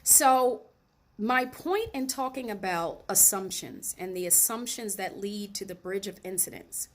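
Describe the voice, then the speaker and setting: A woman speaking as host of her own show, relaxed and conversational as she tells a personal story. Her delivery is animated and chatty, and she talks straight to her viewers. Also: mid-range voice, a little slow. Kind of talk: casual personal storytelling monologue.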